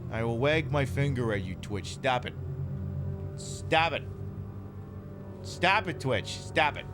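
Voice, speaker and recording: A man's voice: mid-range voice, lively intonation, slow, music in the background. A man casually commenting on a game he is streaming, sarcastic and profane, rambling between topics.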